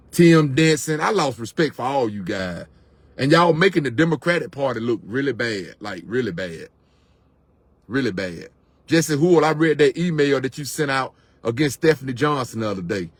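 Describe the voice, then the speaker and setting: Guy going off on camera, fairly high voice, heated and repeating himself, dry close sound. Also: dry recording. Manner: impassioned, repetitive, venting. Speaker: vlogger. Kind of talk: direct-to-camera rant.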